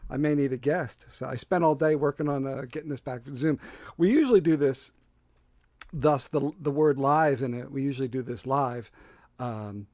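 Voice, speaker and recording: A slightly mellow, medium-pitched voice belongs to a Delco Philadelphia man hosting a relaxed solo livestream from his porch setup at home. Through a dry-sounding desk mic, he rambles, jokes at his own expense, and fills his speech with fillers.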